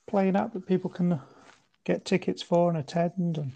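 A man hosting a podcast, asking open questions in a relaxed, informal chat. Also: sits high, normal speed, gravelly, dry recording, lo-fi sound. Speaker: podcast host. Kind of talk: casual interview chat.

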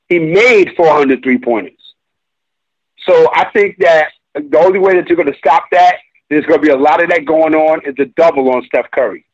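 A man's voice: fairly high pitch, dull audio. A man giving opinionated, colloquial basketball commentary, emphatic and mocking at times. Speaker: sports commentator.

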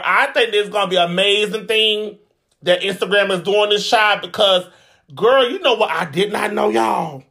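A man's voice: sits high, bright, forceful tone. A man giving sassy, profane, dramatic commentary in a casual vlog. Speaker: vlogger.

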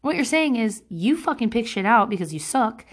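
A woman's voice: normal speed, husky. Blunt, profane woman venting. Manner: blunt and profane, with sarcastic impressions of others; animated, swinging between loud outbursts and low mutters. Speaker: vlogger giving advice. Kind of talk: casual advice monologue.

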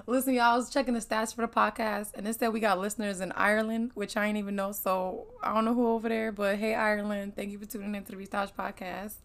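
A woman's voice: mid-range voice, little pitch movement, fast, hardly any pauses. A woman hosting her own podcast in casual chat, laughing often and a bit sniffly from allergies. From United States. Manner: chatty, laughing, Southern slang. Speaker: podcast host.

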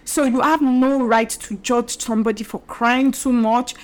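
A woman's voice: a little high, steady tone, measured pace, darkish tone. A woman hosting a solo podcast, talking earnestly and emphatically and acting out the voices she quotes. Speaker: podcast host.

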